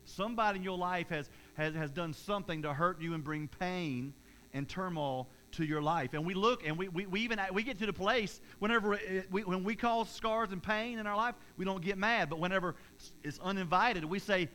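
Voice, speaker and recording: A man's voice: high voice, fairly quick, a bit bright, poor audio. A male pastor preaching a conversational sermon to his congregation, with many stammered restarts and repeated words. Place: church service before a congregation.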